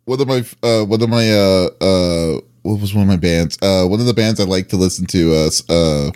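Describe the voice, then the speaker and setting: A man interviewing a guest in a casual, easygoing way, often laughing and pausing with fillers. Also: low-pitched, a little mellow, clear, resonant tone, dry recording, studio quality.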